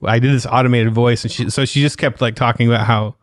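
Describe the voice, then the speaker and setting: A man's voice: mid-range voice, steady tone, fast, dry recording. A male co-host banters playfully and laughs often. He sounds close to the mic in a dry space. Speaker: podcast co-host. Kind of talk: casual podcast chat.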